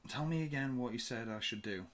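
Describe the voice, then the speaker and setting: A man's voice: medium pitch, a bit bright, pitched above the performer's own voice, lightly acted. Man playing a sarcastic, panicky young hacker. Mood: panicked. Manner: sarcastic, nervous, quick bursts.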